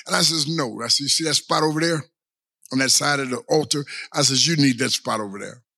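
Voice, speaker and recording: Gravelly-voiced preacher man, bright and husky. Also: medium pitch. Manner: preaching with long drawn-out pauses and repeated rhetorical questions. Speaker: pastor. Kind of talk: sermon.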